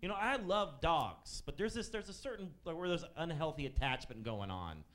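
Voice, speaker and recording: A man's voice: a little high, very animated, normal speed, fairly bright tone. A man in his thirties performing a stand-up set on a comedy club stage, telling profane, sardonic stories about waiting tables. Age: 30s.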